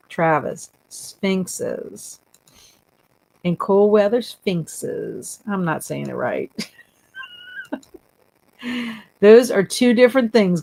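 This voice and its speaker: This booktube livestream host reads her viewers' comments out loud, teasing the chat and giggling frequently in a casual stream. She has a medium-pitched, gravelly voice with a darkish tone.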